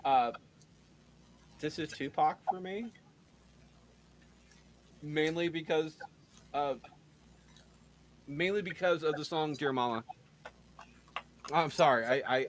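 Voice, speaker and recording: A man's voice: on the high side, fairly bright tone, slight background noise. A man hosting a casual podcast, joking and tripping over his words as he runs through the picks. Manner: joking, stumbles and repeats words. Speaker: podcast host running the bracket.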